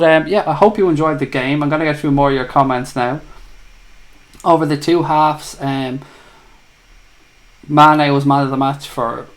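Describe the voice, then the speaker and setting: A man with an Irish accent hosting a live fan chat show, reading out viewer comments and bantering in a chatty, teasing way. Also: on the high side. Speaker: livestream host.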